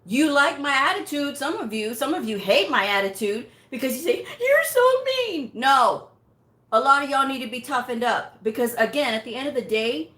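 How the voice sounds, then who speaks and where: Woman ranting to her viewers, kinda high voice, very blunt, echoey room. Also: moderate pace. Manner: blunt, direct, animated storytelling. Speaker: medical coding channel host. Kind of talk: casual talking-head rant.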